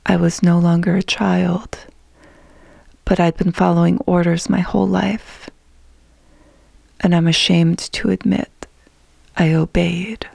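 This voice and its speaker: Woman narrator for a memoir, hushed and hesitant, heavy vocal fry, dry close sound. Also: fairly low pitch, flat delivery, takes it slowly, pauses often, no echo. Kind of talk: first-person memoir narration.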